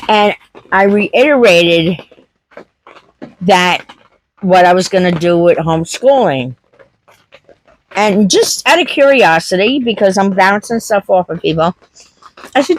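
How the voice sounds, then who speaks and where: A woman's voice: medium pitch, low-quality recording. A woman homestead vlogger chatting casually to camera, telling a story with acted-out quotes.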